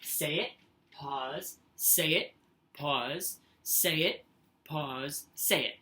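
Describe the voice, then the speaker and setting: A woman's voice: deep voice, extremely slow, sharp tone. A woman teacher giving a recorded lesson, patient and sing-song, reading example sentences aloud with exaggerated expression. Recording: echoey room.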